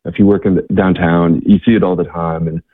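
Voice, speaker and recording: A man's voice: deep voice, flat delivery, fairly quick. A man telling a story as a guest, hesitant, with many fillers and restarts. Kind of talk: storytelling in conversation. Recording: tinny phone line.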